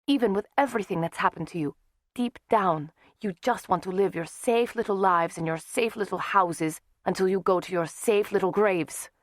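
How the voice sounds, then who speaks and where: A woman voicing a cold, furious young vampire man who shouts at his friends. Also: mid-range voice, normal speed, no echo, studio quality, voice pushed up, natural voice. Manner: shouting, terse, contemptuous.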